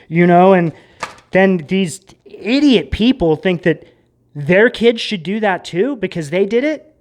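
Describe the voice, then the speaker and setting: A man's voice: high voice, lively intonation, measured pace. A man giving a casual tarot reading in a rambling, emphatic way that gets worked up. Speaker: tarot reader.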